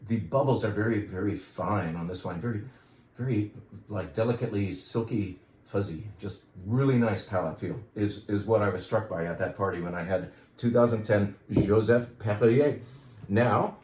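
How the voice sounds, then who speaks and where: A man's voice: on the low side, darkish tone. A middle-aged man who runs a wine shop, talking casually and enthusiastically to customers, with wry asides. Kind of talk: casual product talk to customers. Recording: roomy echo.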